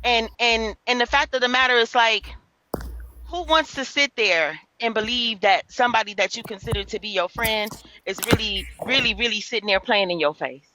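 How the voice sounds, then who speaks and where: A woman's voice: fairly high pitch, moderate pace, bright, forceful tone, slight background noise, rough recording. A woman venting in heated casual livestream chat, profane and repeating herself as she talks.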